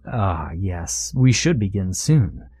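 A man's voice: sits low, lively intonation, takes it slowly, dark tone, slightly rough, heavily acted. A man voicing a pompous, formal servant of a sinister king. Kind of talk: storytelling.

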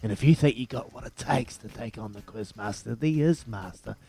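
A man with a New Zealand accent hosting a breakfast radio quiz, excitable and matey, laughing often. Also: fairly low pitch, moderate pace, slightly rough. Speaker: radio breakfast show host. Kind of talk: lively radio quiz banter.

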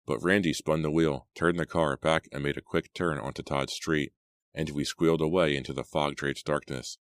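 A man with an exceptionally deep voice narrates a teen horror audiobook at a steady, measured pace. The recording is close and bone dry, with no room around it. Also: dry recording.

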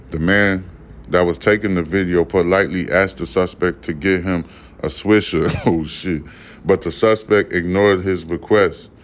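Deep-voiced man riffing on the news. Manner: profane, rambling, laughs at the stories. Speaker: podcast host. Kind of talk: casual news commentary podcast.

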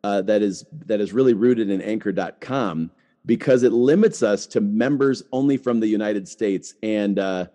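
A man's voice: fairly low pitch, normal speed, mellow. A middle-aged man hosting a podcast, talking casually with lots of "like" and restarts. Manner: chatty, full of "like" and restarts. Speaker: podcast host.

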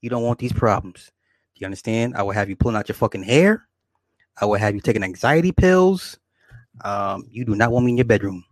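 A man's voice: lowish voice, lively intonation, brisk, no echo. A man delivering a profane, boastful comedic rant to his viewers, repeating himself and laughing often. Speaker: vlogger.

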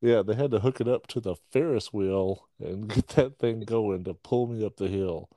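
A man's voice: lowish voice, moderate pace, mellow, no room sound, studio quality. A man hosting a podcast, telling rambling jokey stories and laughing often. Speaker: podcast host. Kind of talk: casual podcast banter.

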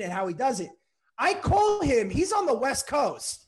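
Man, comedian guest, high voice, animated storyteller, laughs often. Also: a little slow. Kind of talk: casual podcast chat.

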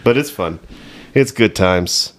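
A man's voice: low-pitched, lively intonation, slow. A man hosting a casual comedy podcast, telling crude gaming stories and acting out quotes with bursts of laughter. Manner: crude, laughing storyteller who acts out quotes. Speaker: podcast host.

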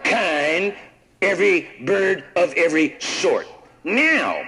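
A man's voice: high-pitched, sing-song, takes it slowly, vocal fry, pushed and bright, low-quality recording. A man preaching a sermon, reading scripture aloud and prompting the congregation to answer with "what?". He often repeats words and restarts his sentences.

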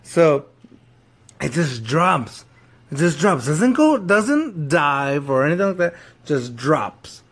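A man in a casual chat, telling a story in an excitable way, with frequent restarts and laughs. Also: on the high side, takes it slowly. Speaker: podcast co-host.

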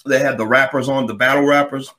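A man hosting an opinion podcast, delivering a heated, sarcastic monologue with wide swings in delivery. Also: fast. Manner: heated, sarcastic, mocks others in put-on voices; animated, swings pitch widely. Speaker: podcast host.

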